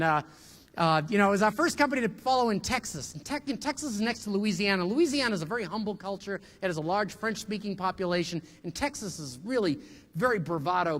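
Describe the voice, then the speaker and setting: A middle-aged man, a professor, giving a humorous keynote speech, an animated storyteller who jumps into loud voices for punchlines. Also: high voice, in a large hall.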